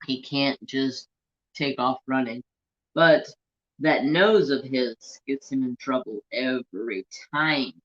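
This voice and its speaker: A man's voice: medium pitch, slow, a bit bright, muffled recording. An American man chatting casually and playfully about his pets and talking to them, as a craft channel host.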